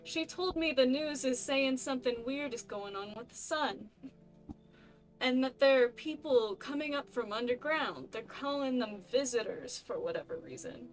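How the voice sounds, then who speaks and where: A woman's voice: high-pitched, normal speed, soft background music, lightly acted. A woman voicing a friendly, folksy male neighbor with a put-on, vaguely Boston-like accent, talking in a chummy, neighborly way. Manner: chummy, neighborly, a bit loud. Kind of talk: game voice acting.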